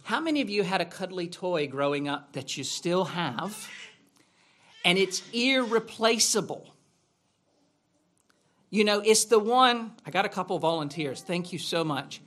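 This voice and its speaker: A man's voice: high voice, animated, unhurried, long pauses, fairly bright tone. A man preaching a sermon in a church, asking rhetorical questions in a conversational way. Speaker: pastor.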